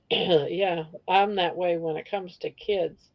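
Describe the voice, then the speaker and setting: An older woman with a lowish, steady voice hosts a casual live-stream chat, taking it slowly as she rambles from one topic to the next and breaks into snatches of song. The stream audio is dull and lo-fi.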